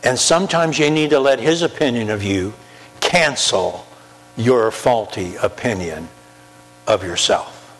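A man preaching a sermon, emphatic, with slow drawn-out pauses and repeated key phrases. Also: medium pitch, expressive, fairly bright tone. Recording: long hall reverb with faint mains hum.

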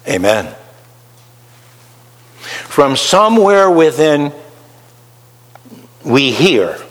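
With a long reverb tail trailing his medium-pitched voice, a pastor delivers an unhurried sermon. He asks the congregation rhetorical questions and speaks aloud as their inner voice.

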